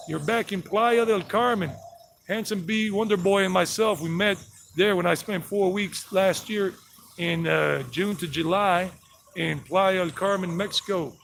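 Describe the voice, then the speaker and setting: With a high, fairly bright voice marked by vocal fry, a Southern-accented man from South Carolina and Georgia, USA, unhurriedly narrates a live-streamed walking tour outdoors on residential streets with passing traffic. He greets viewers and rambles along, and a little hiss or hum is present.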